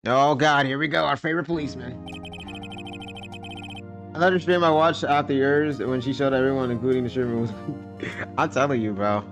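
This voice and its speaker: A man's voice: mid-range voice, brisk, pauses often, over music. A young man streaming a game, commenting in a joking, slangy, loose way. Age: young adult. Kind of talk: casual live game commentary.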